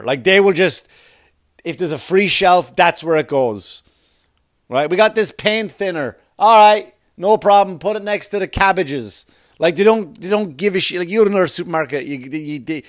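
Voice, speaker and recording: A man telling comic stories on a podcast, his voice sitting a little high for a man. He swears freely and keeps tossing in "right?" between thoughts. The sound is dry and close, with no room around it. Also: no echo. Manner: profane, keeps checking in with "right?". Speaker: comedian and podcast host. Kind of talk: rambling comic monologue.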